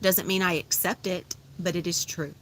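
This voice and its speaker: A woman leading a guided meditation, giving slow, soothing, repetitive instructions and affirmations. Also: fairly low pitch, steady tone, a little hiss or hum. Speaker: spiritual guide.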